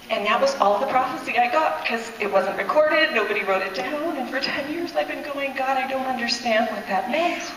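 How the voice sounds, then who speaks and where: A woman's voice: high-pitched, moderate pace, hardly any pauses, fairly bright tone, a little hiss or hum. Woman giving testimony in an echoey hall. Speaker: church testimony speaker. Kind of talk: personal testimony. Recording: echoey hall, speaker far from mic.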